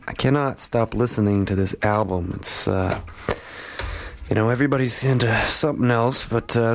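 A man hosting a morning show in a radio studio, casually back-announcing songs with lots of fillers. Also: fairly low pitch. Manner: laid-back, rambling with many fillers. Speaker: radio host.

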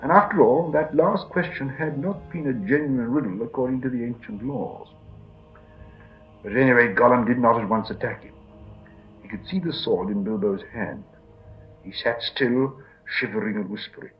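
A man's voice: medium pitch, moderate pace, lo-fi sound, faint music behind. A man narrating a storybook expressively, performing the character voices himself. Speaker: audiobook narrator.

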